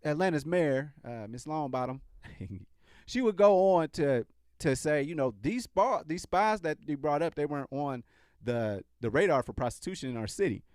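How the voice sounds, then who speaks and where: A man's voice: a little high, animated, normal speed, a little mellow, clean tone, dry recording, clean studio sound. A man hosting a podcast, talking in a casual, sarcastic commentary style and often restarting his sentences. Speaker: podcast host.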